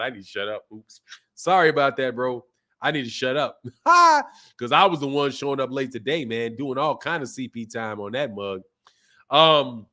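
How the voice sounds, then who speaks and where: A man's voice: high-pitched, fairly bright tone. A man hosting a casual boxing livestream, reading viewer comments in a slangy, laid-back way, with a sore throat. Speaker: boxing channel host. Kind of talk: casual livestream chat reading super chats.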